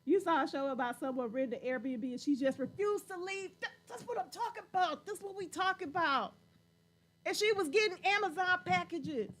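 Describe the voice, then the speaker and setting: Lively, high-voiced playful woman host. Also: normal speed. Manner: playful, laughs often, teasing. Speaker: livestream host reading viewer comments. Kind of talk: casual livestream chat.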